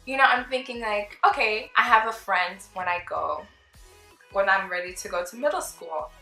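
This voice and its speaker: A young woman spins a casual storytime for her channel, chatty and lively, slipping into the voices of people she quotes. Her tone is bright and forward. The room around her sounds roomy, with faint music underneath. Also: mid-range voice, normal speed. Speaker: vlogger.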